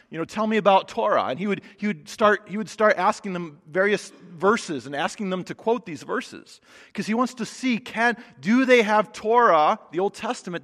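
A male pastor preaching a sermon, conversational and emphatic, often dropping soft for stress. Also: sits high. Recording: long hall reverb.

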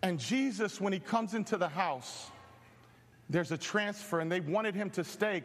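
A male pastor preaching a sermon with animated, joking storytelling. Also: high-pitched, unhurried, in a large hall.

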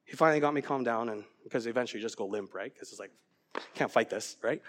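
A middle-aged man preaching a sermon as pastor, earnest and growing animated as he tells a story. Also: mid-range voice, racing.

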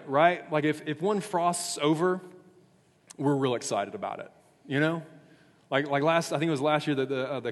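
A man giving a casual youth sermon, full of "like" fillers, moving between hushed and emphatic. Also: medium pitch. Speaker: youth pastor. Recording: echoey hall reverb.

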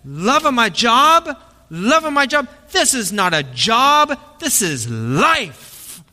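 A man doing a slow, fervent old baker. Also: very high voice, big pitch swings, sharp tone, big-room sound, pitched above the performer's own voice, heavily acted. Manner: slow, solemn, tearful recitation. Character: older male baker, fiercely passionate about bread.

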